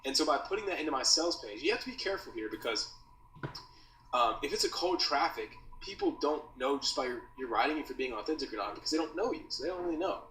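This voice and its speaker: Slangy animated man in an echoey room. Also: a little high, fast talker. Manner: slangy, loose, says dude and bro. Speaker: copywriting course creator teaching. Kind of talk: casual teaching talk. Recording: roomy echo, mic at a distance, faint noise.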